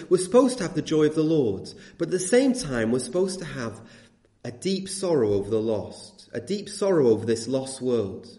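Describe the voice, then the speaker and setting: A man's voice: mid-range voice, mellow. A man preaching a sermon, earnest and emphatic, asking the congregation rhetorical questions. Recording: echoey room.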